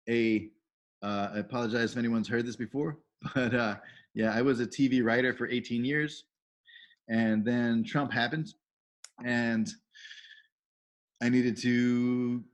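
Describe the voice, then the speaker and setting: A middle-aged man hosting a video call training, casually welcoming people and cheerfully reading out chat messages with praise. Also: mid-range voice. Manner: enthusiastic, reads out chat messages with upbeat praise. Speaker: volunteer trainer and call host.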